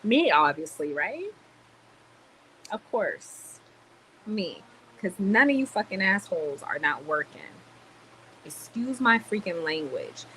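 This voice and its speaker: A woman ranting in a casual vlog, blunt and animated, swearing and then apologizing for it. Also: mid-range voice, slow, pauses often, a little hiss or hum, rough recording. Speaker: vlogger. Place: home in the Dominican Republic, quiet ambience.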